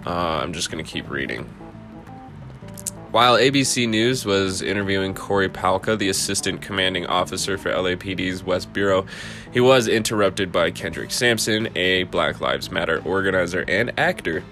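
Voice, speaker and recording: A man hosting a casual political podcast in a monotone voice, rambling with laid-back asides while reading an article aloud. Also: low-pitched, normal speed, soft background music. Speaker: podcast host.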